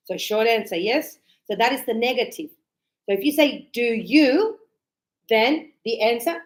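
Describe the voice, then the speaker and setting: A young woman leads an English grammar class in a high voice. She talks slowly and deliberately, repeating key phrases and checking with students as she goes. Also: animated. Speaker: English teacher.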